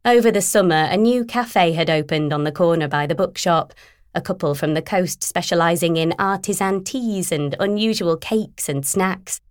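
A woman narrating a first-person novel in a wry, steady storytelling manner. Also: on the low side, moderate pace, dry recording, clean studio sound. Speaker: audiobook narrator.

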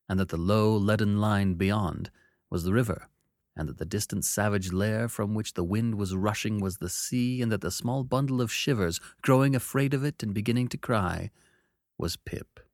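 A deep-voiced man narrating a classic novel in an expressive, measured first-person telling. His pitch rises and falls freely as he paints each scene. The room is dry and close. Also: no room sound.

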